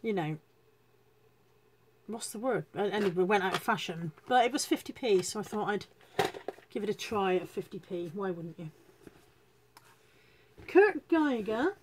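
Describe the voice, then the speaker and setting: A woman's voice: medium pitch, animated, a little slow, pauses often, darkish tone, slight background noise. A woman chatting casually to viewers on a live stream, self-deprecating and greeting people as she goes. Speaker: reseller hosting a live stream.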